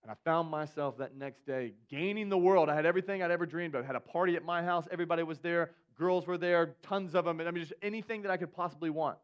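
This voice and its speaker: A young adult man, a youth pastor, giving a sermon in a casual, animated storytelling way. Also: a little high, fast talker, few pauses, smooth, dull audio.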